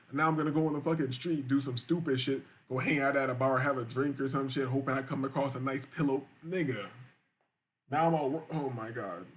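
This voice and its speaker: A man hosting a live-stream show, reading viewer chats aloud and reacting in crude, rambling, repetitive casual talk. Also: mid-range voice.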